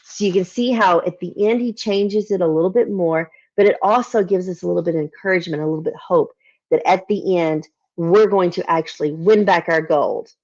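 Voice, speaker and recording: A woman with a Southern American accent, teaching a poetry lesson online, explaining patiently and reading verses slowly. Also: fairly low pitch, a little mellow, lo-fi sound. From Southern United States. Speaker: literature teacher. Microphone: video call.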